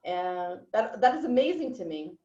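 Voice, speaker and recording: A woman's voice: medium pitch, sing-song, normal speed, dark tone, reverberant, far from the mic, lo-fi sound. A woman co-hosting a casual chat, mostly listening and reacting supportively. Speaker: co-host.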